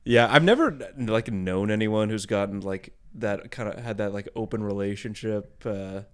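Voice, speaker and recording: A man co-hosting a comedy podcast, chatting casually, filling his talk with "like" and quick laughs. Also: fairly low pitch, clear, resonant tone. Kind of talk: casual chat.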